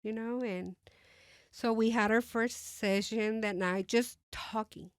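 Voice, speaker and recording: A woman sharing her personal testimony as a guest, speaking hesitantly with many fillers and restarts and softly re-enacting her own thoughts. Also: a little high, steady tone, takes it slowly, dry recording, clean studio sound.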